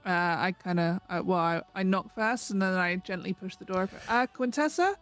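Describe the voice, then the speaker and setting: A woman's voice: on the low side, little pitch movement, fairly quick, fairly bright tone, clean tone, soft background music. A woman playing her character in a tabletop game, speaking in hesitant, formal phrases full of fillers. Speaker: player.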